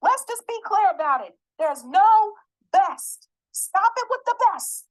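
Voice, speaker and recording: A woman's voice: very high-pitched, animated, a little slow. A woman giving an angry, emphatic political commentary, swearing and repeating her points.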